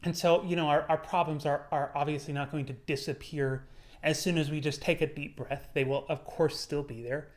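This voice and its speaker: A young man talking to his viewers in an earnest motivational monologue, his voice sitting a little high for a man. He paces it out and lingers on the words he wants to land. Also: steady tone. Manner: earnest, measured, slowing on key words. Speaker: YouTuber.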